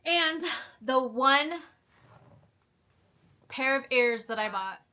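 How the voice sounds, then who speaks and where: A woman in her fifties with a bright, slightly high voice, gushing with enthusiasm as she holds up and describes her purchases one by one. She speaks slowly, in a relaxed show-and-tell manner aimed at her viewers. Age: 50s. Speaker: vlogger showing a shopping haul. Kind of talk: casual show-and-tell chat.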